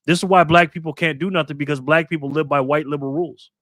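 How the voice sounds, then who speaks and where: A man's voice: on the high side, steady tone, quick pace, a bit bright, no echo, clean studio sound. A man in his fifties from New York State, hosting a live political commentary stream and ranting angrily with lots of profanity. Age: 50s. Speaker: livestream host.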